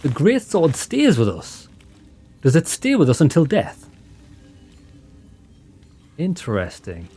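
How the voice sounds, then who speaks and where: A man giving excited, chatty commentary on a game he is playing, talking to viewers as lads. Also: on the high side, takes it slowly, pauses often, soft background music. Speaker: let's play host. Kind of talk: casual gameplay commentary.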